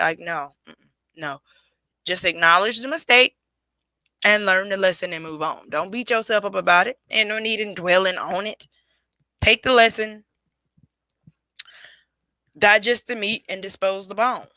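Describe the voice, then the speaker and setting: A woman hosting her podcast solo, speaking straight to her audience. Her delivery is emphatic and a bit preachy. Her voice is bright and forceful, and it sounds dry with no room echo. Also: mid-range voice, measured pace, long pauses. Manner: emphatic, preachy, addresses listeners directly. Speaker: podcast host.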